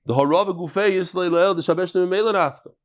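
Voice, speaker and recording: A man with a somewhat high voice teaches a daily Talmud class. He talks casually and with energy, dropping Hebrew, Aramaic and Yiddish terms into his English and telling jokes and stories. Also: fast. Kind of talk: lively Talmud lesson, casual and animated.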